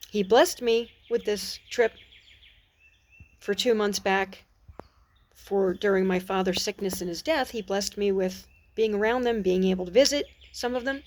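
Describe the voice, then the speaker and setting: Sitting outdoors on a porch, a middle-aged Christian vlogger with a mid-range voice speaks earnestly and reflectively about her faith. She pauses and restarts her sentences, while birds and dogs can be heard in the background.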